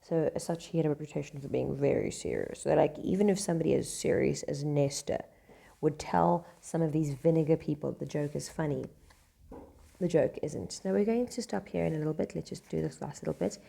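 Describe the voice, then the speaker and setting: Low, gravelly woman teaching Shakespeare. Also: warm tone. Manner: casual, reads lines slowly then paraphrases in slang. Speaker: English teacher. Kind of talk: explaining a Shakespeare scene line by line.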